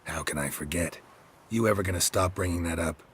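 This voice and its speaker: A stoic, gruff monster hunter from a fantasy video game, with an extremely low, rumbling voice. He speaks in short, clipped, deadpan sentences and wastes no words. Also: a little fast, slight background noise. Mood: terse.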